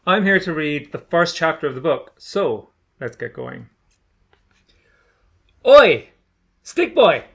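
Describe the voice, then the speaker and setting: A man, the author of a children's book, casually introducing his reading in a chatty, relaxed way and slowing down for emphasis. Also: a little high, creaky.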